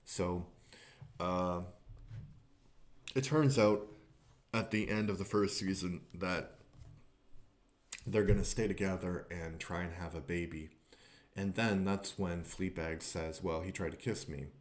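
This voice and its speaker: Slow, low-voiced man reviewing a show. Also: fairly even intonation. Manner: rambling, many fillers and restarts. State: tearful at times. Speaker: podcast reviewer. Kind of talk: casual spoken review.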